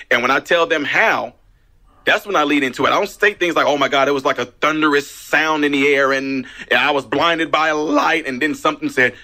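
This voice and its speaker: A man talking on the radio, a minister by calling, telling his story with lively emphasis and plenty of repeats. His voice sits a little high for a man and sounds bright and forceful. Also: fairly quick. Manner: animated storytelling, emphatic repetitions. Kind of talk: casual radio talk. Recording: radio broadcast.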